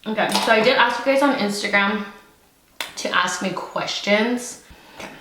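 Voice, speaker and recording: A woman's voice: mid-range voice, normal speed, pushed and bright, roomy sound, slight background noise, low-quality recording. A young woman from California, pregnant and out of breath, chatting casually to camera while eating noodles. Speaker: YouTube host. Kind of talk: casual mukbang chat.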